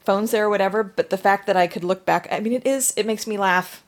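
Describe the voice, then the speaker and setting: An adult woman telling stories in a casual group discussion, with lively asides. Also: mid-range voice, fast talker. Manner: chatty storytelling, lively asides. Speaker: discussion participant.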